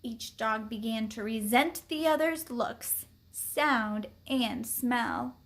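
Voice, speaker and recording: Woman reader for a children's chapter book, high clear voice, unhurried and expressive. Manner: expressive, deliberate. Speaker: story reader. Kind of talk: children's book read-aloud.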